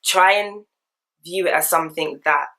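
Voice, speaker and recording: Young woman, deep-set voice, candid slangy vlogger chat. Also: moderate pace. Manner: candid, slangy, animated storytelling. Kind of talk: casual get-ready-with-me chat.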